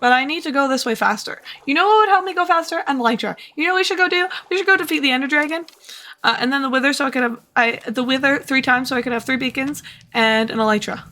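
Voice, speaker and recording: A tired woman streamer, short on sleep, rambles and chats to herself while playing. She talks fast in a high-pitched voice that sounds pushed and bright.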